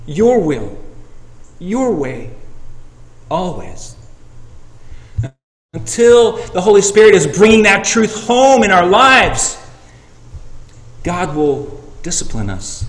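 A man preaches to his congregation in a fairly high voice. He swings between loud, emphatic peaks and hushed passages. The sound rings through a large, echoey sanctuary with a long reverb tail. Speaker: pastor. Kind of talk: sermon.

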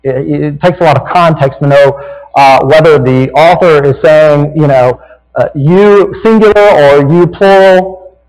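A pastor with a Southern American accent preaches a folksy, conversational sermon, often tagging his points with "right?". His voice sits somewhat high for a man, and it rings with the long reverb of a large sanctuary. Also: measured pace, darkish tone.

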